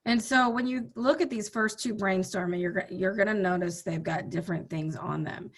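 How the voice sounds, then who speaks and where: A woman teacher explaining a brainstorming worksheet and mini lessons to students in a steady, guiding way. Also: mid-range voice, normal speed. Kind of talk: recorded online lesson.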